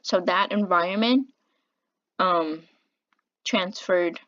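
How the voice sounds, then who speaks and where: On a dull, lo-fi recording, a young woman presents to her class about teaching. Her delivery is flat and halting, with fillers and corrections, and she admits she speaks with a flat pitch.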